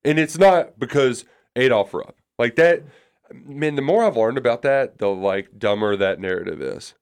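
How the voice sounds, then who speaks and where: A man's voice: mid-range voice, expressive, normal speed, clean tone. A man co-hosting a sports radio show, telling a long rambling story in casual chat with many restarts.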